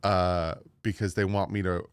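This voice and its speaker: A man with a New Jersey accent talks through team news in a loose, rambling way, restarting his sentences as he goes. His voice sits very low and comes across smooth and clean. The recording is dry and close, with no room sound. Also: level tone, normal speed, dry recording. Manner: rambling, restarts, mild frustration. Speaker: sports channel host. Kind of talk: casual commentary to viewers.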